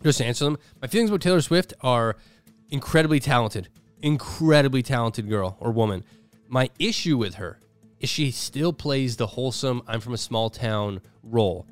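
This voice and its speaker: A man co-hosting a podcast, talking fast and acting out arguments in quick put-on voices. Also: medium pitch, clean tone, faint music behind. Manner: fast, animated, acts out quarrels in shifting voices. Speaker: podcast co-host. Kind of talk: casual podcast banter.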